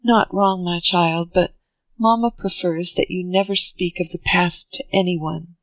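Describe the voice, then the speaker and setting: A young, sorrowful mother speaks softly and gently, as a reader puts her on. The voice is steady at a middle pitch and recorded dry and close. She sounds restrained. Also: a little slow, no room sound. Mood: gentle.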